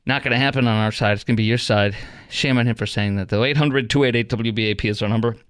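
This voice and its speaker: A man's voice: mid-range voice, steady tone, fast talker, fairly bright tone, no echo. A man hosting a radio talk show in a studio, ranting in a heated, mocking way with lots of fillers. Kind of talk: opinionated talk radio monologue.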